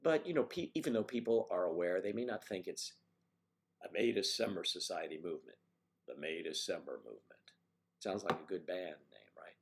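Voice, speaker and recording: An older man with a low, expressive voice hosts a casual live stream, chatting through viewer comments in a halting manner and frequently clearing his throat.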